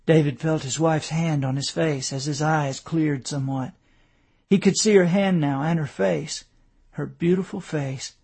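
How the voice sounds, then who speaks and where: A man reads a novel aloud in a measured storytelling voice. His voice is gravelly and husky, sitting a little high for a man. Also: fairly even intonation, a little mellow. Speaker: narrator. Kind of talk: audiobook narration.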